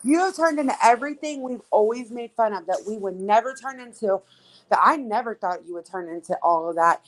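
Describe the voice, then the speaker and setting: A woman's voice: on the high side, lively intonation, brisk, low-quality recording. A streamer woman in a blunt, profane casual chat.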